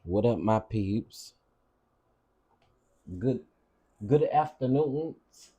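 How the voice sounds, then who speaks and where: A man's voice: fairly low pitch, big pitch swings, takes it slowly, creaky, pauses often, warm tone, breathy edge. A man hosting a cooking channel, chatting casually with his livestream viewers, greeting them by name and repeating himself often.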